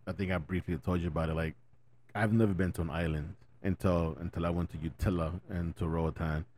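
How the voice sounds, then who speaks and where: Deep-voiced man hosting a casual chat. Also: fairly quick. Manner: relaxed, affirming interviewer. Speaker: podcast host. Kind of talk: casual podcast conversation.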